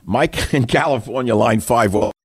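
A man's voice: medium pitch, moderate pace, husky, no echo, clean studio sound. A man hosting a talk radio show, musing and self-described as cynical, wandering between thoughts.

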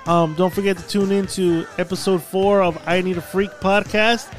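A man hosting a podcast, chatting casually with friends, crude and quick to laugh. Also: high-pitched, steady tone, faint music behind. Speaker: podcast host. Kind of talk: casual banter.

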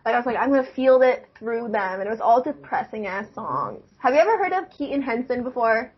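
A young woman with a high, husky voice talks casually and laughs often. She fills her speech with "like". The recording sounds dull and lo-fi. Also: sing-song, fairly quick. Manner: chatty, laughs often, says "like" a lot. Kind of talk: casual chat.

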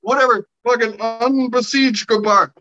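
Male co-host, high bright voice, cursing rants, muffled lo-fi mic. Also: unhurried. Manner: profane, excitable, swings from low mutter to loud rants. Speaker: podcast co-host. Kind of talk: casual chat. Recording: dull lo-fi sound.

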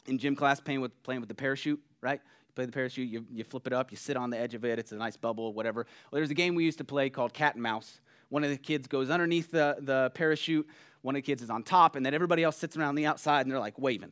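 A pastor preaching a sermon in a conversational, animated way, often checking in with the listeners. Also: male voice, on the high side. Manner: conversational, animated, keeps asking "right?".

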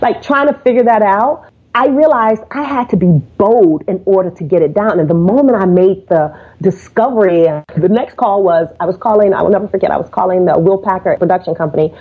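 A woman guest on a podcast telling stories about pitching, acting out phone calls in quoted voices. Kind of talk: casual interview storytelling. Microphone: remote call. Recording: tinny phone-like line.

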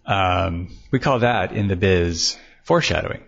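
A man narrating a serial detective story in a measured way, adding chatty asides. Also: sits low, gravelly, a bit bright. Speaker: podcast storyteller. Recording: dull lo-fi recording.

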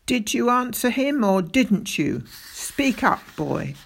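A woman playing a stern, bullying male schoolteacher with a military past, who shouts and barks his orders. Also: on the high side, big pitch swings, slow pace, creaky, heavily acted. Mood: menacing. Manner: shouting, barking.

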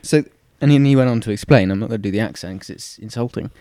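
A British man co-hosting a podcast, telling stories in a casual, animated way with frequent laughs. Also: on the low side, quick pace, dry recording, studio quality. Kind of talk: casual chat.

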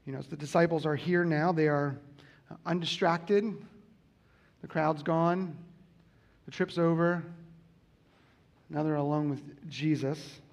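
A man's voice: on the high side, fairly even intonation, measured pace, pauses often. A man preaching a sermon as a pastor, earnestly repeating key lines for emphasis.

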